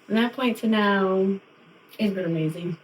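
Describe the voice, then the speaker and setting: A woman's voice: mid-range voice, moderate pace, slight background noise. Woman telling stories in a roomy space. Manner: animated storytelling, often laughing. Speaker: podcast co-host. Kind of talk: casual chat. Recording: roomy and distant from mic.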